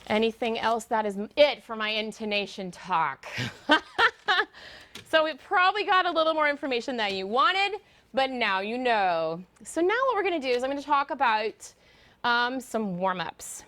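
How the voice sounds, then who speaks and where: A woman teaching singers about vocal muscles and intonation in a lively lecture, now and then singing short demonstration notes. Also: on the high side, normal speed. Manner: animated, demonstrates sung notes. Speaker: guest voice teacher. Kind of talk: lecture to a choir.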